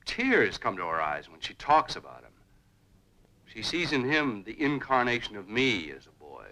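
A man's voice: on the low side, sing-song, normal speed, sharp tone. An actor playing a proud, touchy middle-aged father and family doctor with dry sarcasm, in 1950s sitcom style. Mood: sarcastic. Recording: noisy old TV soundtrack.

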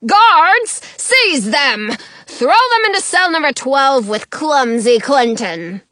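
A woman's voice: high voice, very animated, takes it slowly, fairly bright tone, no room sound, studio quality, exaggerated voice. A woman voicing a tall, imposing king who bellows pompous orders in a storybook reading. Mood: commanding. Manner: bellowing, bossy, grandly pompous.

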